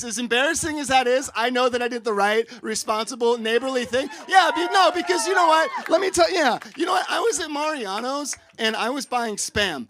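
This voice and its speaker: A young man with a very high, bright voice tells a stand-up story on a live stage. He is animated and profane, and he keeps breaking into shouts. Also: fairly quick, few pauses, slight background noise. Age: young adult. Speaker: stand-up comedian. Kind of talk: stand-up comedy set. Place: live comedy show on stage.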